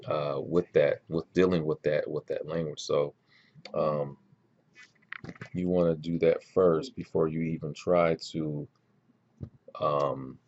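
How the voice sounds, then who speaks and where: A man giving casual spoken advice on learning languages, relaxed and rambling with many ums and restarts. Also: rumbling low, lo-fi sound.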